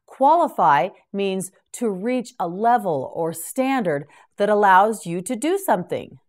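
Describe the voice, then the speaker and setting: Slow, lilting woman teaching vocabulary. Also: medium pitch, very animated, a little mellow. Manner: carefully enunciated, repeats each word for the listener. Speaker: English teacher. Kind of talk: slow vocabulary drill for beginners.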